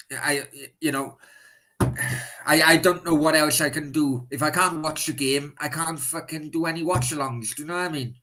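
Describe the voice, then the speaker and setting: A man's voice: fairly high pitch, pushed and bright, rough recording. A man hosting a live stream, answering viewer questions in blunt, casual chat and swearing freely.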